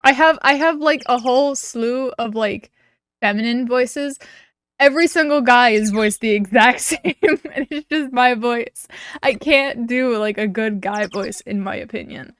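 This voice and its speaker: A woman's voice: on the high side, a little slow, fairly bright tone, clear, resonant tone. A woman streamer giving casual, giggly, self-deprecating commentary on a game.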